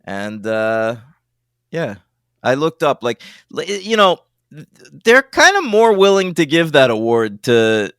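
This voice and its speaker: A man co-hosting a film podcast in casual, animated chat with a lot of swearing. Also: medium pitch, smooth, no room sound, studio quality. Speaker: podcast co-host.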